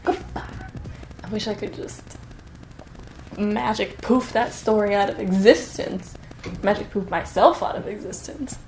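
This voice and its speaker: A young woman vlogging casually and reading her old writing aloud in a self-mocking, animated way. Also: mid-range voice, unhurried, long pauses, a little hiss or hum. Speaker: YouTuber. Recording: echoey room with faint music.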